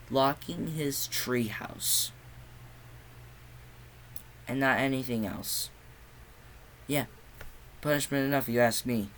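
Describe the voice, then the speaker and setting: A man's voice: on the low side, slight background noise, low-quality recording. A young man giving a casual movie review, ranting with lots of swearing and sarcasm. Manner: profane, exasperated ranting.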